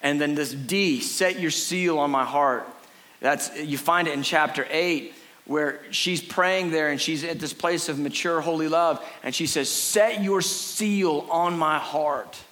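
A middle-aged man preaching a sermon on a church stage, animated and earnest, acting out little scenes for his listeners. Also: a little slow. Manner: animated, acts out a frantic crowd in a high put-on voice. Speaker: pastor. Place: church stage before a congregation.

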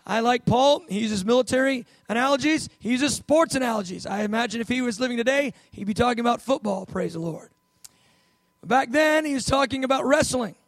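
A man preaching a sermon in a conversational, storytelling way, slowing down to stress key words. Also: very high-pitched, dry recording.

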